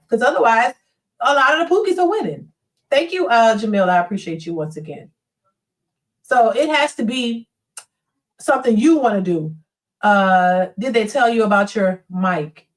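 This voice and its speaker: Her fairly high voice sounds somewhat distant, since she's sitting a bit back from the microphone. As a live-stream host, she reads viewer comments out loud, talking bluntly and animatedly, and does quick impressions of other people.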